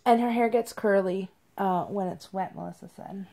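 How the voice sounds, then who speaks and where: A young woman filming a casual unboxing vlog at home, gushing and cooing in a high baby-talk voice. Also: moderate pace, vocal fry, few pauses, mellow. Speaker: vlogger.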